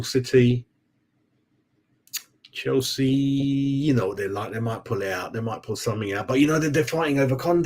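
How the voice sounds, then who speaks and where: A man's voice: medium pitch, darkish tone. A man hosting a casual football fan live stream, rambling and chatty, calling viewers "mate" and forgetting names. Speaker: football fan channel host.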